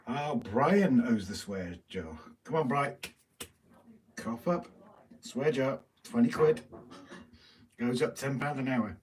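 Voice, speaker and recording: On a live stream, a British co-host with a medium-pitched voice chats casually, reading out viewer comments and teasing as he goes. He talks slowly with frequent pauses. His voice sounds distant, with faint noise in the background.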